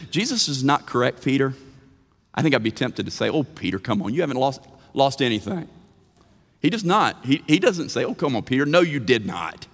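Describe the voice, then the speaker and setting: A man preaching a sermon, swinging between hushed, slow phrases and loud, emphatic bursts. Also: medium pitch, long reverb tail.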